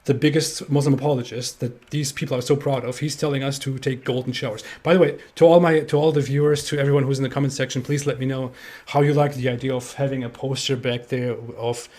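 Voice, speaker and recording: A man of middle pitch talks in a casual live stream. He sounds indignant and sarcastic, stumbling into repeated restarts before he lands his points. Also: fairly even intonation, fast talker, darkish tone. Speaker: co-host.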